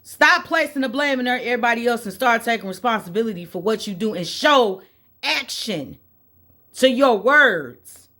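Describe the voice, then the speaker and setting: A woman from Indiana, USA, speaks straight to her vlog audience with a slightly high voice. She rants in exasperation and circles back to the same complaints. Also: quick pace, hardly any pauses, sharp tone. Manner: exasperated ranting, repeats points. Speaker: vlogger. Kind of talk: casual opinion vlog.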